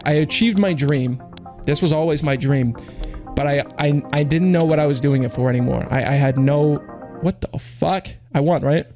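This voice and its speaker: A young man with a slightly high voice pours out a rambling, profane pep talk about belief and willpower. He talks with restless intensity, as if he were preaching. Music plays clearly underneath. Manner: intense, rapid, profane, self-help preaching with mocking put-on quotes. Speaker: streamer opening cases. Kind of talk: rambling motivational monologue.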